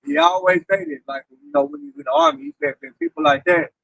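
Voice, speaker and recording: Gravelly high man, somewhat off-mic. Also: wildly swooping pitch, quick pace, a bit bright, no echo, recorded from a distance, rough recording. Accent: Oklahoma. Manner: chimes in with short agreeing remarks. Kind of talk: casual conversation.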